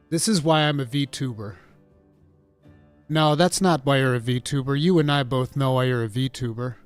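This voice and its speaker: A man streaming from home, chatting casually with a rambling, profane, mock-indignant manner that swings from mumbles to loud outbursts. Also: medium pitch, moderate pace, soft background music. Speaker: streamer reacting to a game showcase. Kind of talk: casual livestream chat.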